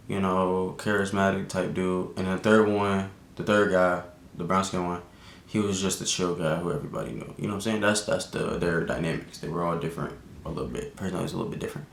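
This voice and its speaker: Young dude rambling a story, lots of slang, kinda low voice. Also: male voice, gravelly, echoey room, a little hiss or hum. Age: young adult. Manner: rambling, laid-back slang, frequent restarts. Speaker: vlogger. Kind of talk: casual storytime.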